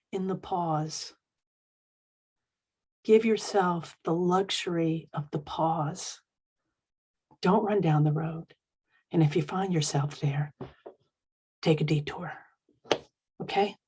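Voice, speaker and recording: A woman minister delivering a sermon, expressive and emphatic, slowing down to stress key phrases. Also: fairly low pitch, slightly rough.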